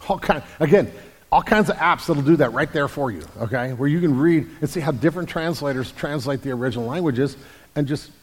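A man's voice: a little high, fairly quick, slightly rough. A man, a pastor, answering congregation questions about the Bible in an explanatory way, often restarting and repeating words. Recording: long hall reverb.

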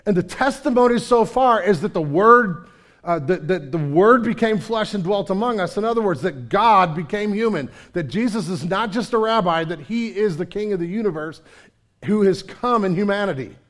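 Animated preaching man, fairly high voice. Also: moderate pace. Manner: animated storytelling preacher, acts out quoted voices. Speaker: pastor. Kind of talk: sermon.

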